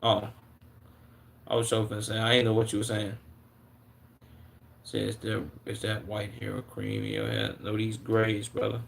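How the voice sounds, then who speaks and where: A man's voice: lowish voice, normal speed, vocal fry, long pauses, slight background noise. A man in his twenties from Chicago, reacting casually on a live stream in a slangy way, often incredulous and stuttering over his words. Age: 20s.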